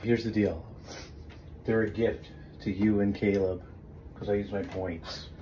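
A man's voice: on the low side, steady tone, measured pace, mellow, slight background noise. A middle-aged man, a father pulling a teasing prank on his daughter, laughing often. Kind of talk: casual prank video.

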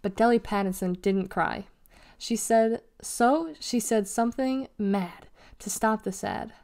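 A woman reading a children's novel aloud in a steady storytelling manner. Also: medium pitch, a little slow. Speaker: reader.

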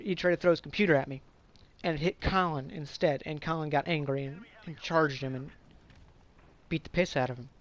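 A man spins a casual story in a slightly high voice, leaning hard on fillers and the odd curse word. He trips over his words and restarts a lot, rambling along without much polish. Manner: rambling, filler-heavy, profane; stumbles and restarts often. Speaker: vlogger.

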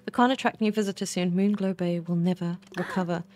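A woman's voice: on the low side, steady tone, fast, darkish tone, faint music behind, natural voice. A woman reading aloud the lines of a caring middle-aged mother from a cozy fishing game, in an earnest tone.

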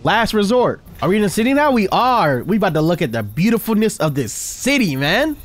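Excitable high-voiced young gamer guy. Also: brisk. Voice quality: loud, excitable, trash-talking. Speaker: gaming video host. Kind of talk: excited let's-play commentary. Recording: game soundtrack playing behind.

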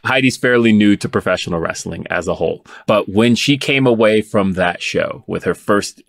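A man hosts an interview, his low voice rambling eagerly through his questions. The sound is dry and close, with no room echo. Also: normal speed, vocal fry, a bit bright. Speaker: podcast host.

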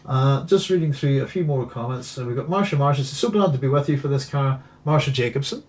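A man's voice: mid-range voice, fast, a little mellow. A man with a Northern Irish accent hosting a live stream, chatting casually and reading viewer comments aloud. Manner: chatty, reads viewer comments aloud and hums between them. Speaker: host.

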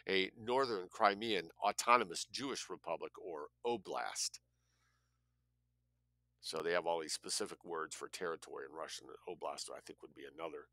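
A man's voice: low voice, pushed and bright, no room sound. A man reading a nonfiction book aloud, spelling out words letter by letter and adding blunt asides of his own. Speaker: audiobook reader.

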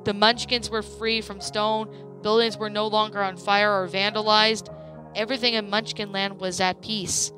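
A woman narrating a creepypasta story in a plain, steady reading voice. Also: mid-range voice, normal speed, faint music behind.

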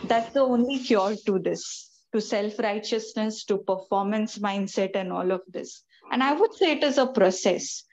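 A woman's voice: medium pitch, normal speed, few pauses, darkish tone, dull audio. A woman leading a prayer group as its Bible teacher, affirming others and repeating key phrases in a preaching cadence.

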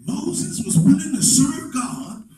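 Male pastor, high animated voice, shouting sermon cadence, distant mic in an echoey hall. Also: takes it slowly, slight background noise. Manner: preaching in swelling shouts, then dropping to low asides; repetitive call-and-response cadence.

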